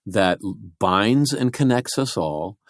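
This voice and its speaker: Earnest rambling man, low voice. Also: lively intonation, slow pace, dry recording, studio quality. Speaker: podcast co-host. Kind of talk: casual chat.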